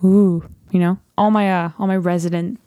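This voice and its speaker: A woman's voice: on the low side, fairly even intonation, normal speed, mellow, dry recording, clean studio sound. A teenage girl hosting her own show in a casual, rambling chat, often saying "literally.". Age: teens. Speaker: host.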